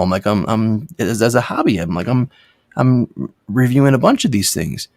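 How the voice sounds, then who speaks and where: A man co-hosting a casual chat about vapes, telling stories in quick, animated bursts with frequent restarts and swearing. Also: medium pitch, vocal fry, no room sound, clean studio sound. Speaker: co-host of a cannabis vape review show.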